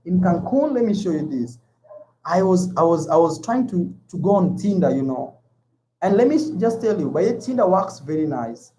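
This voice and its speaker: A man's voice: sits high, animated, moderate pace, dark tone, a little hiss or hum, rough recording. A man from Kenya with a Kenyan accent, talking casually to his viewers as a travel vlogger, often repeating himself and calling them "man". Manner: chatty, repeats words, calls viewers 'man'. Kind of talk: casual vlog chat to viewers.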